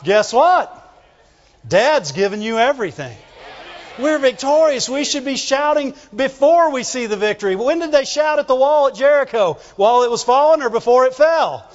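A very high-pitched man preaches an emphatic sermon, often breaking into shouts and calling on the congregation to answer him. His voice rings with a long reverb through a large church sanctuary. The sound is dull and muffled. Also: lively intonation, normal speed.

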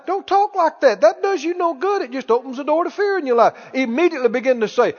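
A man's voice: extremely high pitch, expressive, fast talker, few pauses. A male preacher delivering a sermon, exhorting and quizzing his congregation. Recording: dull lo-fi, echoey hall.

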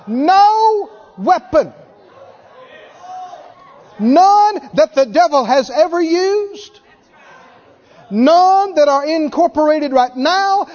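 Male preacher, high and animated, deliberate pace, emphatic repetition; dull sound with long hall reverb. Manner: emphatic, repeats for effect, laughs between points. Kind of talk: sermon.

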